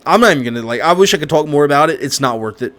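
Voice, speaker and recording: A man co-hosting a casual chat, recapping a movie in a rambling, animated way with lots of restarts and slang. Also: on the high side, rapid-fire. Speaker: co-host.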